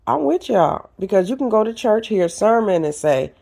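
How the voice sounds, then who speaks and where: A seasoned woman hosting an advice podcast, talking straight to her listeners in an animated, preachy way. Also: medium pitch, normal speed, vocal fry, few pauses. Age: older. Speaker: podcast host. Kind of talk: casual advice talk.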